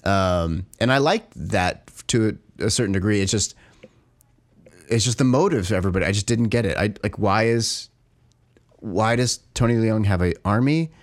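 A man co-hosting a podcast, talking in an animated, exasperated way and filling his speech with "like". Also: lowish voice, normal speed. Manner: animated, exasperated critique with frequent "like". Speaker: podcast co-host. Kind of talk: casual chat.

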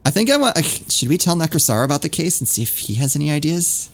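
A man's voice: fairly high pitch, sing-song, quick pace, slight background noise. A man playing a tabletop game casually, unsure and wondering aloud. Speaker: player.

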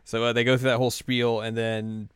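A man's voice: medium pitch, flat delivery, a little fast, clean tone, no echo, clean studio sound. A man chatting casually as a podcast co-host, retelling a story animatedly and raising his voice for the characters he quotes. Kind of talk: casual chat recapping an anime.

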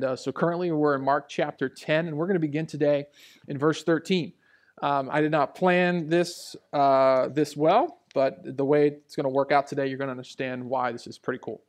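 A man preaching a sermon as pastor, talking casually at first and building to loud, emphatic peaks. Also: a little high.

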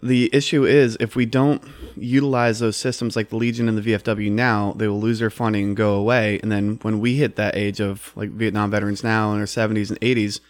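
A man's voice: fairly low pitch, flat delivery, brisk, hardly any pauses, no echo. A man in his twenties in casual conversation, easygoing and saying "like" constantly. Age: 20s. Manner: easygoing, heavy use of "like". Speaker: veteran guest.

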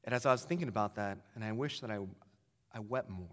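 A man's voice: on the low side, fast, fairly bright tone, long reverb tail. A man telling a personal faith story in an earnest, rambling way, with many fillers and restarts. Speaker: storyteller sharing a testimony. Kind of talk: casual spoken testimony.

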